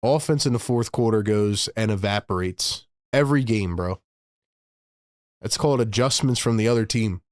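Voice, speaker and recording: A man's voice: lowish voice, moderate pace, no room sound, studio quality. Exasperated man calling the game. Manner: exasperated, scolds the team loudly. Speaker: host calling live play-by-play. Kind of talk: fan play-by-play and rant.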